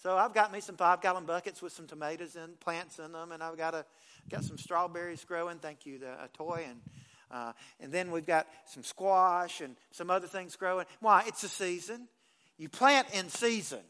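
Pastor, male, high bright voice, folksy conversational sermon delivery. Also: normal speed, clean tone. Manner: folksy, conversational preaching with repeated restarts.

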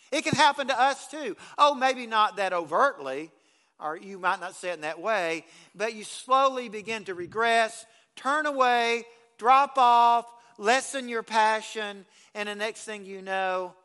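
Bright high-voiced man preaching. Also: unhurried, smooth. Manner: folksy, conversational preaching with repeated restarts. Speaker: pastor. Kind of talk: sermon.

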